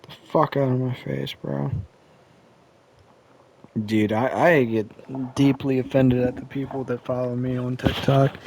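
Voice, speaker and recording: A man ranting to camera in a casual vlog, blunt and profane, rambling with restarts and drawn-out complaints. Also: mid-range voice, little pitch movement, vocal fry, a little mellow. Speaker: vlogger.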